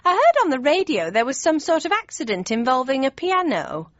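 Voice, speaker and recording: A woman voicing a kindly, fussy older mother with a high, fluttery manner in an audiobook. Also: huge pitch swings, a little fast, dry recording. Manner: high, fluttery, cheerful fussing. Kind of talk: audiobook character voice. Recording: dry, slightly dull studio read.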